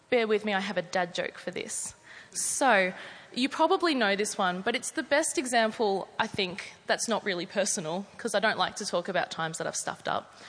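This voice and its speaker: A woman's voice: mid-range voice, a bit bright, in a large hall. A woman preaching a sermon in a conversational, earnest storytelling manner.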